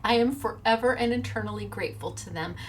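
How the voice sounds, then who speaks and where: A woman's voice: fairly high pitch, slight background noise. Earnest, emotional woman crafting host. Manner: earnest and emotional, quick to tear up. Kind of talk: casual chat to viewers.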